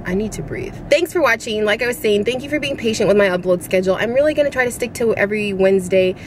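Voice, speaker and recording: A young woman vlogs in a casual, rambling, giggly manner, slightly out of breath and using lots of fillers. Her mid-range voice moves at a quick pace, with a bit of background noise.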